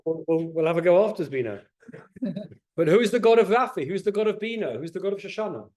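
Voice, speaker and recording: A middle-aged man teaches a Torah class, his voice pitched high and swinging widely as he questions his listeners. He repeats words when he gets going. The room rings with echo. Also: fast talker. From England. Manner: animated, asks the audience questions, repeats words when excited. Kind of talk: lively teaching talk to a group. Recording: roomy echo.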